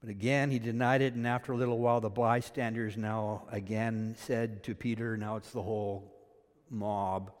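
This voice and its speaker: A man from Canada preaching a sermon. He swings between loud, emphatic peaks and quiet asides. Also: mid-range voice, normal speed, long reverb tail. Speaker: pastor.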